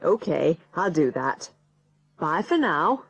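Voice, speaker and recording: A woman's voice: low-pitched, sing-song, slow, husky, no room sound, highs cut off, heavily acted. An actress playing a polite mother who answers the phone and takes a message, in a scripted textbook dialogue. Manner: polite, helpful.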